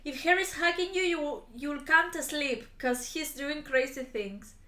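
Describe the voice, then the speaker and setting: A woman's voice: sits high, unhurried, pushed and bright, reverberant. A woman hosting a reaction video, talking casually, gasping and exclaiming as she watches. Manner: gasping, exclaiming, laughing along.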